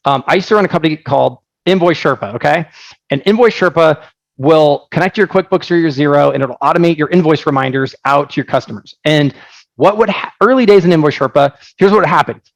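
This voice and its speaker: A man presenting his software on a live webinar, energetic and joking, telling stories with lots of asides. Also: on the high side, brisk, creaky, dry recording, poor audio. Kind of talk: casual live product presentation.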